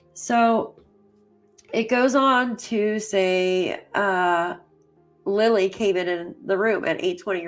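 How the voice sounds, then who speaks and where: A middle-aged woman hosting a true crime channel, rambling and emotional with lots of fillers as she reads through case documents. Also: medium pitch. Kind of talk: casual chat reading case documents.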